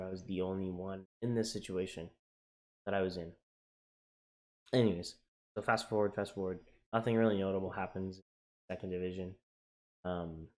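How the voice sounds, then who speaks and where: Candid young man with a low voice. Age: young adult. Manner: candid and emotional, swinging from quiet to excited; frequent fillers and restarts, casual swearing. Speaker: navy sailor sharing his journey. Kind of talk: personal vlog storytelling.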